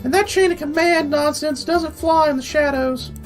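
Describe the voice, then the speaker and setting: A man voicing a sharp-tongued woman team leader in a high falsetto, reading a game's lines aloud. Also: steady tone, moderate pace, soft background music. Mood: bossy. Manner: falsetto, bossy and clipped.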